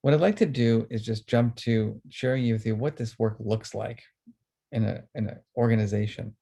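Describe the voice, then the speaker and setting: A man presenting a webinar on emotions, speaking earnestly and then guiding listeners through a calm, slow breathing exercise. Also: lowish voice, creaky, slightly rough.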